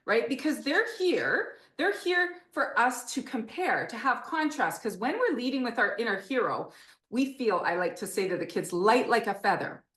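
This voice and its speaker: A woman author and educator talking in an interview, animated and encouraging, often asking rhetorical questions. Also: a little high, moderate pace, echoey room. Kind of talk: enthusiastic teaching talk in an interview.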